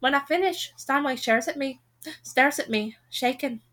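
Bright-voiced woman reading a novel aloud. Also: high-pitched, normal speed. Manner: expressive first-person storytelling. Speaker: reader.

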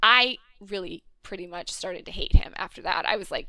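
A woman in casual chat, animated and ranting, swearing freely as she talks. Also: mid-range voice, normal speed, no echo, poor audio.

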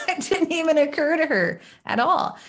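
A woman's voice: high voice, sing-song, measured pace, fairly bright tone. A middle-aged woman talking casually to camera from home, chatty and rambling with lots of fillers, candid and encouraging. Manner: candid, self-deprecating, encouraging. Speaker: faith-based self-esteem speaker. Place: home room.

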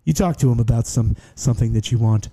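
A man's voice: medium pitch, fast talker, mellow. A man hosting a podcast in casual chat, teasing his guest with jokey interjections. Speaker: podcast host.

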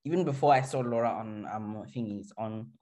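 A woman's voice: extremely low pitch, normal speed. A woman co-hosting a casual chat, rambling and restarting her thoughts. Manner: rambling, restarts a lot, animated. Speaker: podcast co-host. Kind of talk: casual chat reviewing a reality show.

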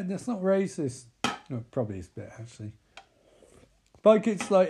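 A man's voice: high-pitched, animated, moderate pace, long pauses, dark tone. A young man recapping a film with sarcastic, rambling, sweary commentary. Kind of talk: comedic movie recap.

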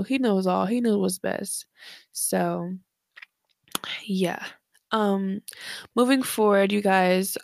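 A young woman's gravelly, mid-range voice with a darkish tone carries her late-night podcast from her bedroom. She's tired, a bit breathless, and rambles casually with slang and fillers. The recording, made with headphones and a desk mic, is dry with clean studio sound.

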